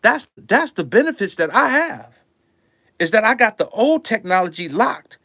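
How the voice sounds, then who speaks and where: Older man, emphatic slangy monologue, repeats himself, high voice, very lively. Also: normal speed, dry recording, studio quality. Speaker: music producer talking to his audience. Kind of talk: passionate monologue.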